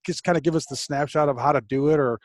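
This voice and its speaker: A man's voice: on the high side, quick pace, no room sound. A man hosting a podcast who asks his guest questions in a reflective, easygoing way. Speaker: podcast host. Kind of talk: interview questions.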